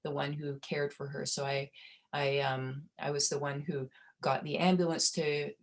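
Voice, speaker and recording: A middle-aged woman presenting a webinar, telling a personal story in a gentle, heartfelt way with small restarts, over a video call. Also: deep voice, flat delivery, normal speed. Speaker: webinar presenter on provider well-being.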